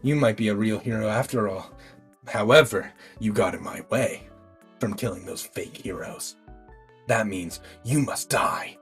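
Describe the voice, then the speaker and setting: A man voicing a grim adult male vigilante, speaking in a low, measured, menacing way. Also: faint music behind, close to an everyday voice. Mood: cold.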